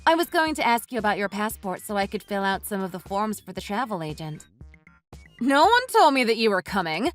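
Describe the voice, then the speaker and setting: A woman's voice: medium pitch, big pitch swings, a little fast, faint music behind, natural voice. A woman voicing a patient young mother in a texting story voice-over, speaking in an earnest, conciliatory way. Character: patient young mom, hurt but polite.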